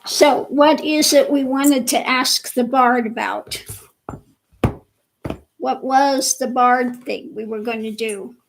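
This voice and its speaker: A woman hosting a casual livestream chat with viewers, slow and chatty, laughing often, with her voice a bit worn. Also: high-pitched, steady tone, gravelly, a little hiss or hum, rough recording. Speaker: livestream host.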